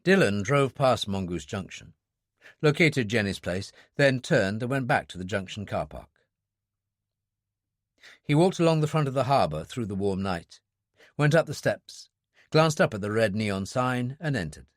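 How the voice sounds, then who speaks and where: A man narrating a thriller audiobook in a steady, expressive storytelling voice. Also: fairly low pitch, normal speed, dry recording, clean studio sound. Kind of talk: scripted narration.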